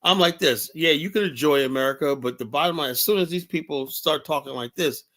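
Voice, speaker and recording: Emphatic man with a higher voice. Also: a little fast, fairly bright tone. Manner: emphatic, repetitive. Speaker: host. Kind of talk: reaction commentary.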